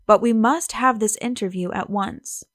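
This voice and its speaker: A woman voicing an impatient young gentleman detective with a brisk, sardonic manner, in an audiobook. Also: medium pitch, no echo, studio quality, natural voice. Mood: urgent.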